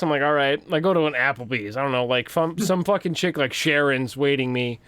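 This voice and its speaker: A young man with a Western Pennsylvania accent, co-hosting a casual podcast chat and telling profane, animated stories full of acted-out quotes. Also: medium pitch, fairly quick, smooth, no echo. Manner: profane, animated storytelling, acts out quoted voices. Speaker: podcast co-host.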